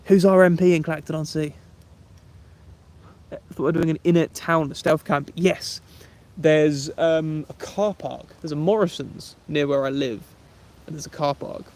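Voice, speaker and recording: A young Englishman talks casually to his live-stream viewers. His voice sits slightly high for a man, and he is loose and chatty, throwing in mate and bro as he answers comments. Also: measured pace, darkish tone. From England. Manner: chatty and laid-back, says "mate" and "bro". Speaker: YouTube camping livestreamer.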